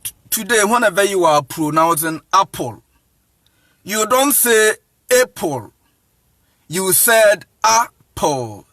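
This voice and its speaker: High, bright-voiced Ghanaian man lecturing. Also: no room sound, studio quality. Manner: insistent, repeats "you see what I'm saying", chuckles often. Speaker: evangelist teaching. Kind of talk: informal lecture monologue.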